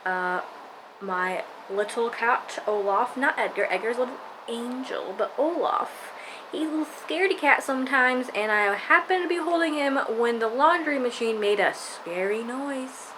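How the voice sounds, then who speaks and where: A woman's voice: a little high, moderate pace, noisy background. A woman vlogger speaks in a slightly raised register, loose and rambly, joking with her viewers. She sounds tired but keeps things playful as she talks at home, with faint room ambience behind her. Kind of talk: casual vlog chat.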